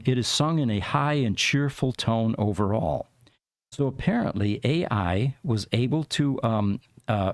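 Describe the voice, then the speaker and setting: A man's voice: medium pitch, vocal fry, no echo, clean studio sound. A man hosting a podcast, explaining tech news in a rambling, casual way with many fillers. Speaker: podcast host.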